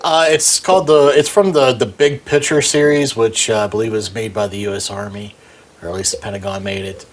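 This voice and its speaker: A man's voice: lowish voice, brisk. A man co-hosting a podcast, laid-back and dry in casual chat. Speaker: podcast co-host.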